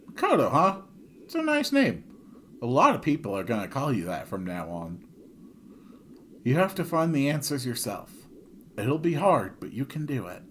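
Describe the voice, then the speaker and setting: A man voicing an earnest young male hero who speaks in a soft, reassuring way while reading video game dialogue. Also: medium pitch, huge pitch swings, normal speed, long pauses, slight background noise. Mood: gentle.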